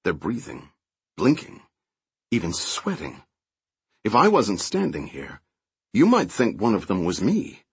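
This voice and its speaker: A man voicing a level-headed male adventurer who explains things in a measured way, in an audiobook reading. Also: on the low side, wildly swooping pitch, breathy edge, no echo, full character voice. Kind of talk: audiobook character voice.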